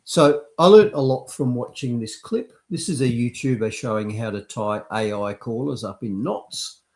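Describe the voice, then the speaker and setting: A man's voice: mid-range voice, moderate pace, darkish tone. A man from Australia hosting a news commentary podcast, talking in a conversational, reflective way. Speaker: podcast host.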